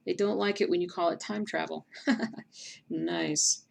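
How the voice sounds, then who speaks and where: A woman hosting a casual livestream chat, reading viewer comments aloud between bursts of excitement. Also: lowish voice, slow pace, gravelly. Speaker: stream host.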